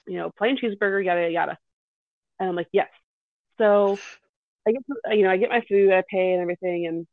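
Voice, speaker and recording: A woman telling a rambling, animated story in casual podcast chat, restarting her sentences as she goes. Her voice comes through dry and narrow, like a phone line. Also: medium pitch, no room sound. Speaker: kindergarten teacher. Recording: dry, tinny phone-like sound.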